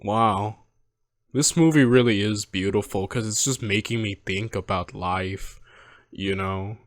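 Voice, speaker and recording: A man in his twenties hosting a movie reaction, talking in a rambling, halting, heartfelt way from home. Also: lowish voice, no echo, studio quality. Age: 20s. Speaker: reaction video host. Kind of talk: casual reflective commentary.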